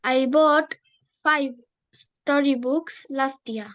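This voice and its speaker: A woman student in an English lesson, carefully and haltingly repeating practice sentences. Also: sits high, steady tone, a bit bright, highs cut off. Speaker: language student.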